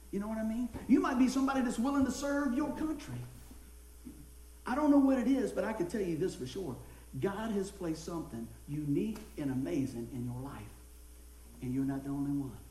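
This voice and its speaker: A man's voice: sits high, moderate pace, roomy sound, a little hiss or hum, low-quality recording. A man preaching a sermon as pastor, telling a story with lots of laughter. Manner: storytelling, animated, laughs often.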